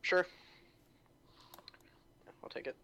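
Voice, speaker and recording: A man playing in an online tabletop game, asking quick practical questions and joking casually. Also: sharp tone, a little hiss or hum. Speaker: player.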